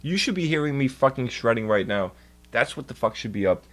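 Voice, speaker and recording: A man's voice: mid-range voice, animated, brisk, fairly bright tone. A young man streaming casually, ranting in exasperated, profanity-heavy bursts. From New York. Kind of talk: casual livestream rant.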